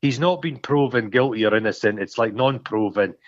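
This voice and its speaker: A man's voice: medium pitch, a little fast. A man co-hosting a podcast, chatting casually about a film, swearing freely and acting out quoted lines. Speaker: podcast co-host. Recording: dull lo-fi sound.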